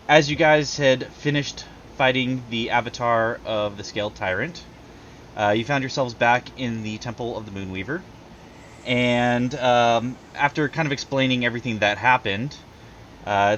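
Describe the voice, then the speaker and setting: A man's voice: medium pitch, fairly even intonation, a little slow, fairly bright tone. Guy gm recapping the game on a video call, loose and full of ums, kinda dull lo-fi sound with faint hiss. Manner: loose, filler-heavy, laughs at himself. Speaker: game master. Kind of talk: casual tabletop game narration.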